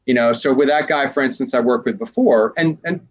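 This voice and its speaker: Speaking briskly in a mid-range voice, a transformational coach chats casually in an interview. He rambles with animation and acts out small quoted exchanges, all on a muffled recording.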